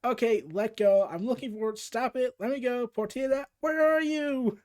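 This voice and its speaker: A man voicing a brave young Amazon woman warrior in a raised, high-pitched, urgent voice. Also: normal speed. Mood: frantic.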